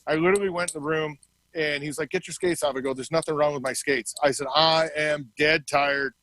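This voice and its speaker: Fifties guy telling stories in an interview, voice a bit high, acts out the lines, dry sound. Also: fast, no room sound, rough recording. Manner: animated storyteller acting out quoted dialogue. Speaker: interview guest, former hockey player. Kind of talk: casual storytelling.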